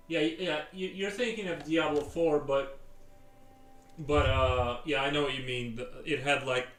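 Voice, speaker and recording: Rambling through replies to his chat, a man talks casually on a live stream while he sketches. His voice is medium in pitch and a bit bright, picked up by a distant mic in a roomy space with faint music playing.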